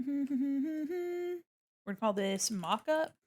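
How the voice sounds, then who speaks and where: A woman's voice: high voice, lively intonation, drawn-out words, darkish tone. A woman streamer chatting casually to her viewers while she draws, talking herself through each step with silly jokes and bursts of laughter. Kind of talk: casual chat while drawing on a livestream.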